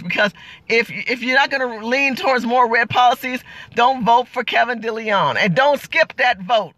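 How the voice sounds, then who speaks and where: A middle-aged woman in a fiery political vlog rant, talking bluntly and throwing out rhetorical questions and curses. Her voice sounds bright and ringing, recorded close on a dry mic with no room sound. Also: on the high side, normal speed, no room sound. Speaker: political commentator.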